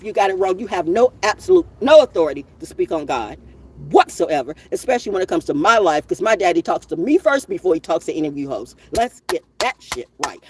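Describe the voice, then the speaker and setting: A woman's voice: lowish voice, animated, fast talker, slightly rough. A woman delivering a profane, confrontational monologue to her viewers. She scolds and rambles, circling back and repeating her points. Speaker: spiritual vlogger. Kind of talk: ranting monologue to camera.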